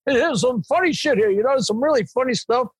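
A man putting on an impression of a gruff older male comedian, talking bluntly and swearing, with a husky voice. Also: extremely high pitch, expressive, dry recording, voice pushed up, full character voice. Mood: brash. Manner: blunt, swearing, rapid-fire.

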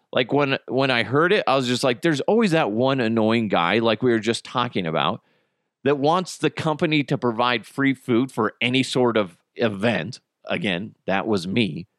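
Animated, profane male podcast host. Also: medium pitch, no room sound, studio quality. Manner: animated, profane storyteller who laughs at his own jokes. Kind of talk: casual comedic monologue.

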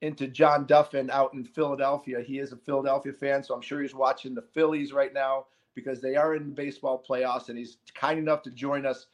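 A man hosting a casual hockey podcast, talking in an animated, emphatic way with quick asides. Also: mid-range voice. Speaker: podcast host. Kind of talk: casual sports chat.

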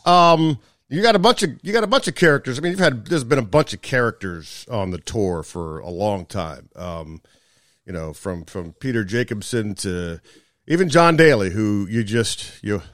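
A man's voice: on the low side, lively intonation, moderate pace, a bit bright, dry recording. Man co-hosting, dry close sound. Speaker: podcast co-host, former golf broadcaster. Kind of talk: casual chat.

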